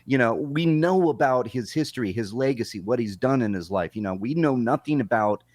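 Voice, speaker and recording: Halting male co-host, dry sound. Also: mid-range voice, expressive, a little mellow, no room sound. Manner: halting, many restarts. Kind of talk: casual podcast chat.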